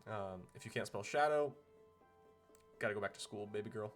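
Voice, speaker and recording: A man narrates a tabletop game as its game master. His voice sits a little low, and his descriptions ramble along loosely with plenty of fillers. Soft music plays faintly behind him. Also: a little fast.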